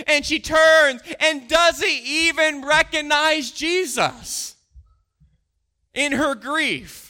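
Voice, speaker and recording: A middle-aged man delivers a sermon in a very high, sharply bright voice. He reads scripture aloud, then retells it with dramatic swings between loud emphasis and near-whispered asides. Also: extremely slow. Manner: expressive preaching, swings from loud to hushed. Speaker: pastor.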